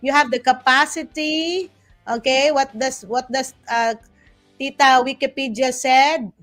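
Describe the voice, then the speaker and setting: Faint music sits beneath a woman with a Filipino accent who chatters on a casual talk show, moving between English and Tagalog. Her voice is high, steady in tone, unhurried, and fairly bright. She restarts frequently and slips in playful, self-teasing asides.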